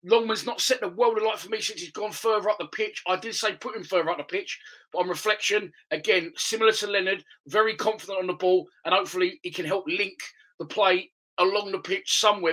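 A podcast host with a high, bright, forceful voice previews the next football match in the chatty, opinionated way of a fan. The recording is rough.

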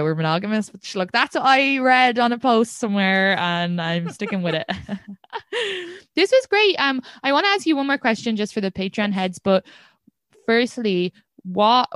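A woman's voice: mid-range voice, animated, moderate pace, fairly bright tone, clean tone, no room sound. A young woman hosting a podcast, chatting casually, swearing freely and laughing often. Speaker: podcast host. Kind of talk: casual chat.

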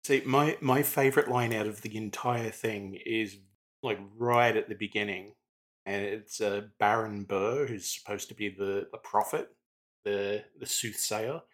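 A man chatting as a podcast co-host, with a fairly low voice. He talks deliberately, pausing on fillers. He acts out quoted lines with gusto. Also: steady tone. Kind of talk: casual chat.

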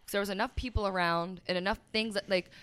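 As a podcast guest, a young woman opens up emotionally about her life, peppering her speech with "like" and quoting other people. Her voice is medium-pitched, steady, quick, and fairly bright, with a clean tone and no echo.

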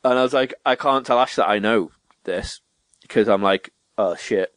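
A young man, a podcast co-host telling stories in casual chat and jumping up in pitch to act out quotes. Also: normal speed, dry recording. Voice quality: animated storyteller, swearing, acting out quotes in a higher voice.

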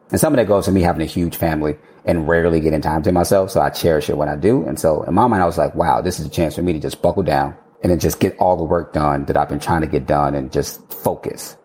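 Deep, mellow-voiced man telling stories. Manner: animated, quotes himself, swears and laughs freely. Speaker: architect guest. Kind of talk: casual storytelling interview.

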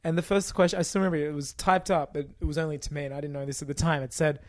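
Guy cohosting a podcast, kinda high voice, jokey, laughs a lot. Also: fairly even intonation, racing. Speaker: podcast co-host. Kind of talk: casual chat.

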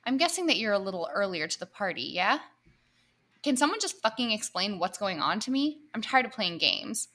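A woman's voice: mid-range voice, big pitch swings, a little fast, pushed and bright. A woman podcast co-host reading an erotic comedy story aloud to her co-hosts, breaking in with laughs and asides.

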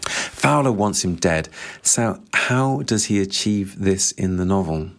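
Man, very deep voice, book discussion, analytical, reads quotes aloud. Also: animated, slow, vocal fry, a bit bright. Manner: engaged, analytical, reads with relish. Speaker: book reviewer.

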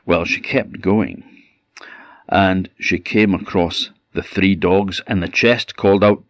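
A man with an Orkney Scottish accent telling a folk tale in a lively, expressive way. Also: deep voice, dry recording, muffled recording. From Orkney, Scotland. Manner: lively, expressive, drawn-out words. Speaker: storyteller.

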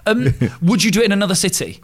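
Wry host with a lively voice. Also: male voice, high-pitched, quick pace. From Oxford, England. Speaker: podcast host. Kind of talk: casual podcast chat.

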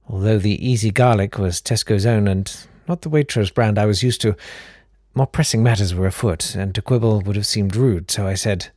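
A man with a British accent reading a comic story aloud in a deadpan, mock-grand narrating manner. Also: lowish voice, moderate pace, dry recording, studio quality.

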